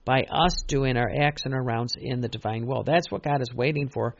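A man's voice: medium pitch, moderate pace, vocal fry, muffled recording. A man preaching a sermon in an earnest, repetitive way, stressing key phrases and often restarting.

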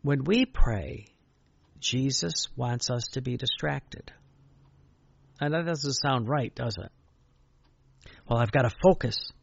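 A man's voice: mid-range voice, takes it slowly, gravelly, pauses often, husky, no echo, highs cut off. An older man, a priest, preaching a sermon in an anecdotal, conversational way and chanting repeated lines of prayer.

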